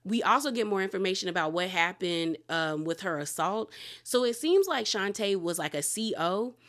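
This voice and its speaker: A woman talks through a reality TV episode in a loose, chatty recap. She is candid and outspoken, dropping gossipy asides. Her voice sits at an ordinary middle pitch. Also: expressive, normal speed, fairly bright tone. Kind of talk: casual spoken recap and commentary.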